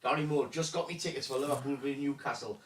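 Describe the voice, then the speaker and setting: A man's voice: mid-range voice, steady tone, fast, a little hiss or hum. A man co-hosting a casual football podcast, chatting and reading out viewer comments. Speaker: podcast co-host.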